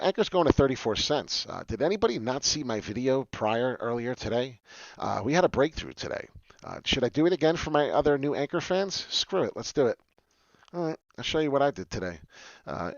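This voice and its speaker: A man hosting a casual crypto livestream, talking in an excitable, rambling way with frequent swearing. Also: medium pitch, creaky, no echo, highs cut off. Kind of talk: casual live chart talk.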